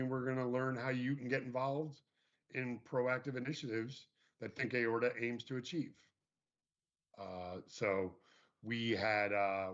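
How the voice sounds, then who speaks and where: A man co-hosting an online show, casually announcing events with frequent fillers and restarts. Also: a bit bright. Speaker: co-host. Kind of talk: casual livestream chat and announcements. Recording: muffled low-fidelity stream audio.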